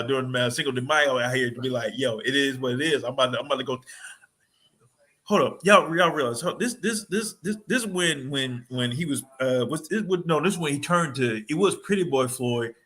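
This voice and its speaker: A man co-hosting a sports podcast, chatting casually in an animated, rambling way full of slang. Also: mid-range voice, fairly quick. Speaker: podcast co-host.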